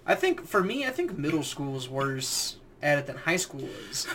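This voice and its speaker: Young male podcast co-host, slightly higher voice, animated and profane storyteller, faint background hiss. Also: normal speed, vocal fry. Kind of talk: casual chat, storytelling.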